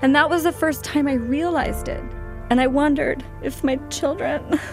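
A woman guest telling a personal story in an interview, halting and emotional, with frequent restarts. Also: sits high, fairly even intonation, over music.

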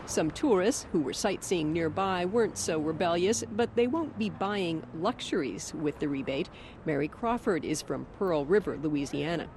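A woman radio reporter delivering a scripted news story in a lively, storytelling way. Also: fairly low pitch, moderate pace, noisy background.

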